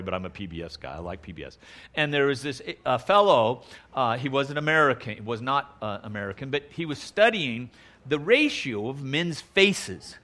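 Bright-voiced man preaching folksy sermon. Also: medium pitch. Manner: folksy, conversational, uses y'all; acts out quotes in raised voice.

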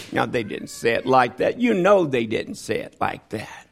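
A man delivers a sermon at a normal speed with lively intonation and some vocal fry. He sinks low and quiet, then climbs into loud, high-pitched pleading while acting out the voices of people in the story.

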